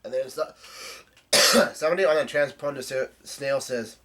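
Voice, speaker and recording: A man talks through a comic chapter in a casual, unhurried way. He stops and restarts often and drops an occasional swear word. His voice sits in an ordinary middle pitch. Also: a bit bright. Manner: halting, laid-back, salty language. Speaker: manga chapter reader.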